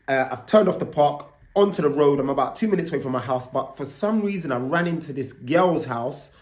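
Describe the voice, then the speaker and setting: A man's voice: fairly high pitch, lively intonation, a little fast, a little mellow, echoey room. A man, telling a story to his vlog camera in a loose, casual way. He swears freely and keeps tagging lines with "right?". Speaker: vlogger.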